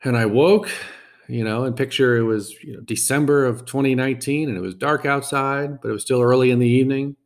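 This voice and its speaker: A man hosting a podcast, telling a personal story in a reflective, halting way and often repeating words. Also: medium pitch, fairly even intonation.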